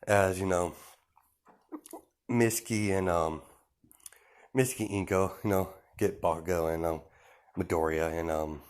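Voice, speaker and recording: A man improvising a fan story aloud, rambling and correcting himself as he goes. His voice sits on the low side. The telling is loose and casual, full of fillers. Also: fairly even intonation, measured pace, long pauses, clean tone.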